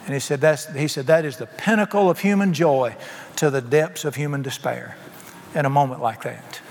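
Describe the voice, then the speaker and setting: A man preaching a sermon, telling a folksy, animated story full of sudden jumps in pitch. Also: moderate pace, slight background noise. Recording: reverberant hall with faint ambience.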